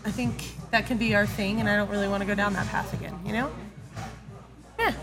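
A woman co-hosting a casual chat, playful and often pausing to search for words. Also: medium pitch, fairly even intonation, over music. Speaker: podcast co-host.

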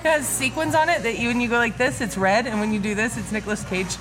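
A woman's voice: fairly high pitch, animated, fairly quick, rough recording. A woman co-hosting a casual podcast from a bar, playful and teasing, often laughing. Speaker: podcast co-host. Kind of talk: casual chat. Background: music.

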